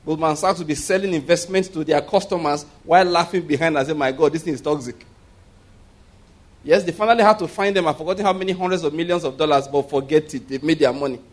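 A man's voice: a little high, fast talker, hardly any pauses. A man preaching a sermon, often checking whether the congregation is following him and leading them in repeating his words. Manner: asks the congregation if they hear him, leads call-and-response with laughs. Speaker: pastor.

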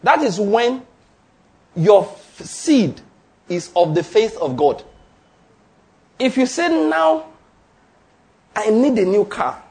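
A man's voice: sits high, sing-song, slow, long pauses, a little mellow. A man preaching a sermon, emphatic and drawing answers from the congregation. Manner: emphatic call-and-response preaching. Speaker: pastor.

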